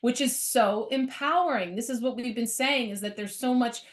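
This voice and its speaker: A woman's voice: a little high, moderate pace. A middle-aged woman co-hosting a casual spiritual chat, reflective and lifting her voice for quoted thoughts. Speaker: co-host.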